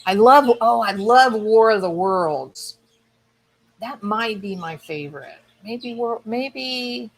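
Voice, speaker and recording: A woman chatting with her viewers in a relaxed, rambling way, thinking aloud as she goes. She speaks slowly, in a fairly high voice, with easy enthusiasm. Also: slight background noise. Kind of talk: casual chat.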